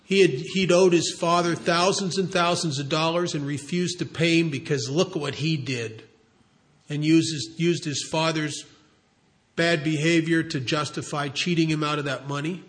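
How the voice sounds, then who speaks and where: A man's voice: a little high, steady tone, moderate pace. Earnest man telling a counseling story. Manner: earnest, emphatic storytelling with rhetorical questions. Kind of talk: storytelling talk.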